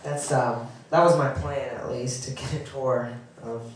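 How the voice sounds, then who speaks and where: Young male comic, nervous and halting stand-up, recorded from a distance in a very echoey room. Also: medium pitch, steady tone, a little hiss or hum. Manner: halting, awkward delivery with frequent restarts and chuckles. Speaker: stand-up comedian. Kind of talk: stand-up comedy set.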